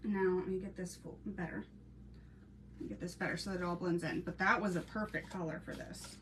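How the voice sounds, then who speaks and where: A woman from Ohio chats through a live crafting stream, laughing often and talking straight to her viewers. Her voice sits at an ordinary middle pitch. It is picked up from a little distance, with a faint hiss of background noise. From Ohio, USA. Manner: chatty, laughs often, talks to viewers and chat. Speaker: crafting channel host.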